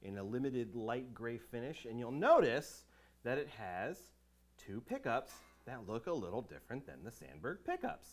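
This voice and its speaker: An American man showing off basses in a live product demo, excitable and jokey, laughing often. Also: normal speed. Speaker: bass maker representative. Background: bass guitar playing.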